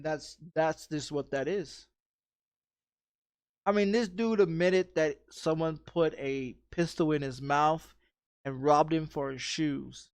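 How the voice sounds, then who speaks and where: A man's voice: on the high side, clear, resonant tone, dry recording. A man telling a rambling story in casual chat, swearing often and repeating himself with frequent restarts. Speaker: streamer.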